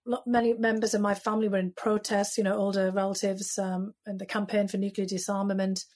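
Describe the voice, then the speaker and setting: A British woman in her fifties speaks as an interview guest, her voice slightly breathy and husky. She recalls the past in a reflective, storytelling way, often pausing with casual fillers. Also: medium pitch, level tone, a little mellow. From United Kingdom. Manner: reflective, storytelling, frequent "you know" fillers. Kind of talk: conversational interview.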